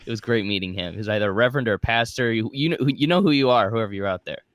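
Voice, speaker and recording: A man's voice: fairly low pitch, very fast, fairly bright tone, no echo, clean studio sound. A man co-hosting a casual fan podcast, rambling and joking at his own expense. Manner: rambling, jokey, self-deprecating. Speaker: podcast co-host.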